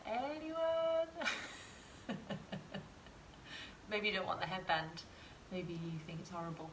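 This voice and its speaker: A woman's voice: fairly low pitch, fairly even intonation, a little fast, fairly bright tone, slight background noise. A woman tutor giving a chatty live sewing demonstration and talking to her viewers. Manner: chatty, encouraging, talks to viewers in chat. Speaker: craft tutor. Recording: roomy echo, faint ambience.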